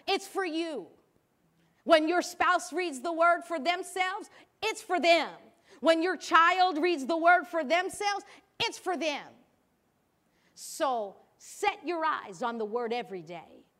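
A woman's voice: high-pitched, fairly bright tone. A middle-aged woman pastor preaching a sermon, emphatic and repetitive as she urges her listeners.

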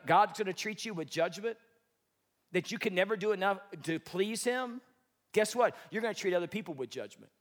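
A man preaching a sermon as pastor, animated, swinging between loud bursts and quiet, reflective stretches. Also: sits high.

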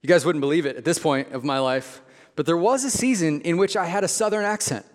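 Pastor preaching, male, somewhat high pitch, easygoing but emphatic, recorded in a reverberant church hall. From Midwest. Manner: conversational and emphatic, slowing on key phrases. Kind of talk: sermon.

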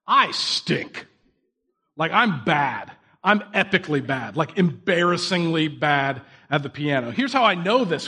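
Pitched fairly high, this man's voice carries a casual, conversational sermon. He pokes fun at himself through stories and asks the congregation direct questions.

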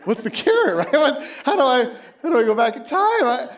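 A man in his late thirties preaches with a high, bouncing voice that swings widely in pitch. He tells stories animatedly, acting out both sides of a conversation and laughing easily as he goes. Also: moderate pace, noisy background. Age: late 30s. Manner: animated storytelling, acts out both sides of the dialogue; laughs often while speaking. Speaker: pastor. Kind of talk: sermon.

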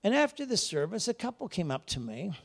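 A high-pitched male preacher delivers a fiery sermon in a church. He leaps from booming shouts down to hushed, wry remarks, and slips into voices for the people in his stories. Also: sing-song, fairly quick, vocal fry. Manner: dramatic, swings between shouting and quiet asides; acts out characters in voices. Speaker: guest preacher. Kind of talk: Pentecostal-style sermon. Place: church service.

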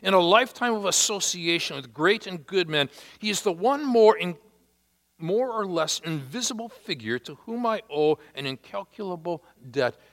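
Male pastor, bright, ringing voice, emphatic sermon delivery with dramatic pauses, big church reverb. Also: sits high, animated. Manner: emphatic, with long pauses and sharp swings from loud to hushed. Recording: hall reverb.

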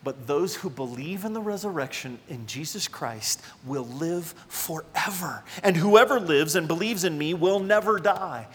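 A man with a high voice preaches a sermon, talking straight to the congregation in an emphatic, conversational way. His voice rings out with a long reverb, as if in a large hall. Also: animated, a little slow, few pauses, fairly bright tone. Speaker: pastor.

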